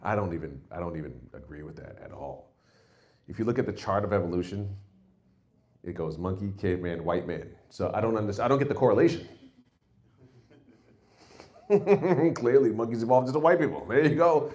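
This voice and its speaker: Brief: forties New comic, low voice with big swings in pitch, loose and self-mocking. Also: male voice, lively intonation, moderate pace, long pauses. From New York. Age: 40s. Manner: rambling and self-mocking, with loud jumps into put-on exclamations. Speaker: stand-up comedian. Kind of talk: stand-up set.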